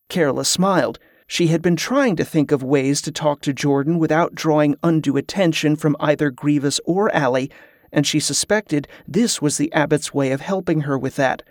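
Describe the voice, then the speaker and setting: An audiobook narrator reads a novel in a steady, even storytelling manner, delivering scripted narration at a moderate pace. The mid-range voice is captured in a dry, studio-quality recording.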